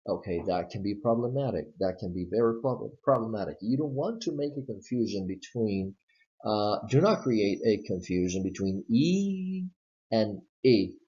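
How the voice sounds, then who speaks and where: A man with a Southern US accent teaching English pronunciation, modeling words slowly and repeating them. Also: on the low side, animated, dark tone. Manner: slow, modeling words with exaggerated repetition. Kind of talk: slide-based pronunciation lesson. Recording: dull lo-fi recording.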